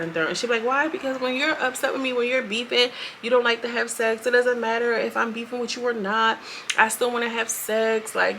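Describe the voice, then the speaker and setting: A young adult woman giving a chatty, animated recap, acting out quotes in quick bursts. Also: medium pitch, a little hiss or hum. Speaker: show reviewer. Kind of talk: casual recap commentary.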